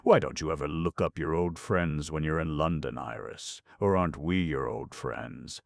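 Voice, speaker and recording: Storybook gent: man playing a gruff, blunt friend; very deep, dry. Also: moderate pace, dry recording. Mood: stern.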